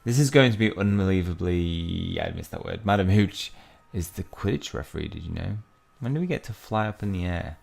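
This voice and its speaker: A young man with a very low voice and a gravelly, creaky edge talks through a mobile game. He is chatty and rambling, reading the in-game text aloud and musing to his viewers between taps. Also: animated, fairly quick, darkish tone. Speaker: mobile game let's-play host. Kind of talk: casual gaming commentary.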